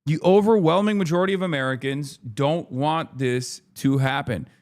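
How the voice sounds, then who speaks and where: A man's voice: fairly high pitch, moderate pace, a little mellow. Frustrated man ranting on a stream. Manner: frustrated, profane, emphatic. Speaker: livestream host. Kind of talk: ranting political commentary.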